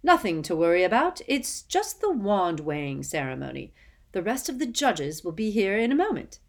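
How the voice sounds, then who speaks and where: A woman voicing a bouncy, jovial middle-aged male official who talks in a hearty, brisk way in an audiobook. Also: mid-range voice, big pitch swings. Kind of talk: audiobook character voice.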